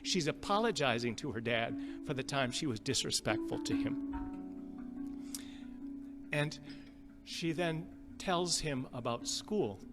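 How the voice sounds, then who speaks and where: A male pastor from the Upper Midwest, telling a story in a sermon in a gentle, halting way and repeating phrases. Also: mid-range voice. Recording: long reverb with guitar music behind.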